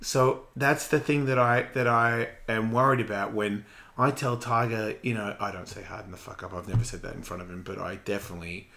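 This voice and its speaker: A man in his forties hosting a radio show, talking in a casual, blunt, profane and animated way. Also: fairly low pitch, a little fast, a little hiss or hum. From Australia. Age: 40s. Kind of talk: casual chat.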